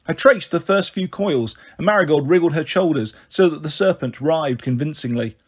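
A man reads a novel aloud in a steady, measured storytelling voice. His pitch sits a touch high, and the tone is husky. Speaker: audiobook reader.

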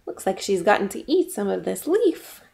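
A woman's voice: medium pitch, very animated, normal speed, vocal fry, darkish tone, a little hiss or hum. A woman librarian reading a children's storybook aloud at storytime, inviting listeners to chant along.

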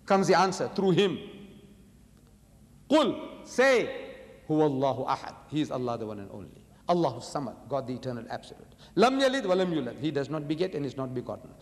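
A man's voice: medium pitch, lively intonation, racing, hardly any pauses, a little mellow, long reverb tail. A man giving a public religious lecture, emphatic and rhetorical, often putting questions to his audience.

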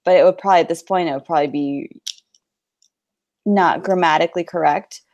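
Woman host with a Californian accent. Relaxed and giggly. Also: on the low side, fairly quick, no echo, muffled recording. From New Jersey. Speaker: podcast host. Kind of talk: casual podcast chat.

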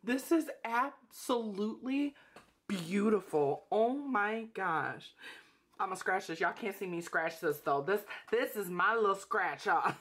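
A woman's voice: mid-range voice, takes it slowly, a bit bright. A young woman hosting a casual unboxing vlog, gushing and emotional, calling her viewers sis and y'all. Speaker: budgeting channel host.

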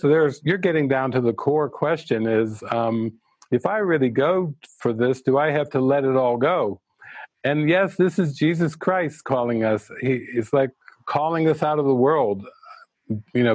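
A man leads a spiritual retreat in an earnest, reflective voice of ordinary pitch. He slows down to lean on key words, and his voice sounds close and dry. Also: darkish tone, no room sound. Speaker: spiritual teacher. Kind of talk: retreat talk on spiritual teachings.

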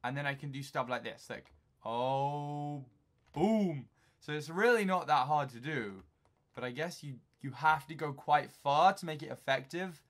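A young man from England giving jokey, excitable commentary while playing a video game, talking to himself and breaking into sudden shouts. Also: a little high, unhurried. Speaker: gaming YouTuber.

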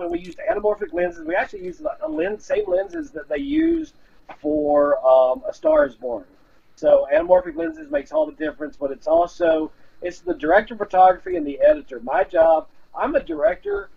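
Man, film director, very gravelly voice, lively pitch, dull lo-fi remote audio. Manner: anecdotal, relaxed, quotes others. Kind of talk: casual interview storytelling.

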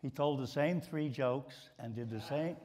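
Speaking a little slowly in a darkish, mid-range voice, this older Baltimore man shares stories on stage in front of a live audience. He's a sports writer appearing as a guest, has a mid-Atlantic American accent, and repeats words frequently.

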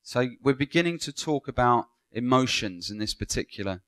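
Male lecturer, mid pitch, interactive classroom delivery. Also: animated, moderate pace, fairly bright tone. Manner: engaging, asks the class questions and praises answers. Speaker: Bible school lecturer. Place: lecture room with students.

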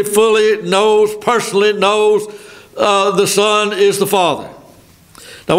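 Folksy older Southern preacher, high voice. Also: male voice, fairly bright tone. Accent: Southern American. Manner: folksy, thinking aloud with asides. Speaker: pastor. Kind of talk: sermon.

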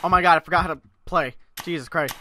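A gaming channel host giving let's-play commentary, excitable, yelling and swearing at the game. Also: mid-range voice, quick pace, slight background noise.

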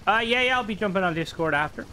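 Here a young adult gamer talks while playing, drifting between topics with lots of filler words and joking side comments. He speaks high and fast with an expressive, sharp tone. Some faint background noise can be heard.

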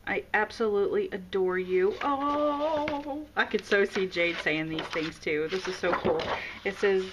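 A woman vlogging an unboxing of craft supplies, gushing and exclaiming with delight, gasping and laughing. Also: mid-range voice. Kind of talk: excited unboxing chat. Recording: noisy home recording.

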